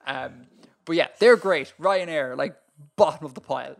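An Irish man co-hosting a podcast in casual chat, talking in an animated, ranting way and laughing often. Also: on the high side, normal speed, vocal fry. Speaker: podcast co-host.

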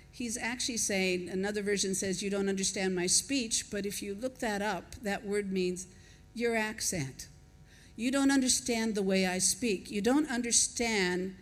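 A woman preaches to her congregation in an easy, conversational way. She thinks aloud and puts questions to the listeners as she goes. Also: medium pitch. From not from Australia, lives there. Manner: conversational, reflective, chuckles between points. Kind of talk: sermon.

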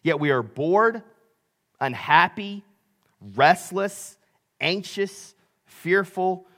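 A male pastor preaching a sermon, telling the story with big swings between loud and hushed delivery. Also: high voice, extremely slow.

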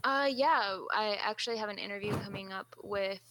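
Bright-voiced hesitant woman podcast guest. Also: mid-range voice, moderate pace, no echo, low-quality recording. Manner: hesitant, with fillers. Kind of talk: casual podcast chat.

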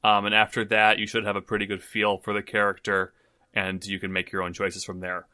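A man's voice: on the low side, completely flat delivery, a little fast, bright, forceful tone, clean tone, no room sound, studio quality. A man co-hosting a podcast, chatting casually and joking, swearing freely. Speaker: podcast co-host. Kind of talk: casual chat.

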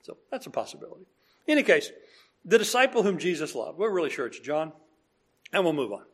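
A man delivering a sermon in a relaxed, conversational voice that sits a little high for a man. He acts out bits of dialogue and restarts his sentences often, pausing with fillers. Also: breathy edge. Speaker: preacher.

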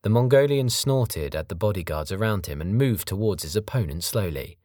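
A man narrating a novel audiobook in a measured, steady reading style. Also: lowish voice, no echo, clean studio sound. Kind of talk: scripted narration.

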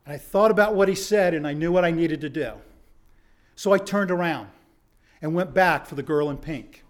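A middle-aged man giving a storytelling speech to an audience, dramatic, dropping to a hush and then rising to shouts. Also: fairly high pitch, moderate pace. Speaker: motivational speaker.

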